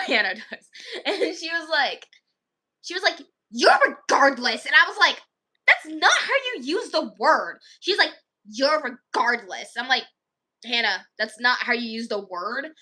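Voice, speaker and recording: A woman's voice: high voice, sharp tone. A young woman casually telling a story to camera, chatty and full of "like", acting out what the kids said. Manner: chatty, acts out quoted kids, many "like"s. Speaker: vlogger.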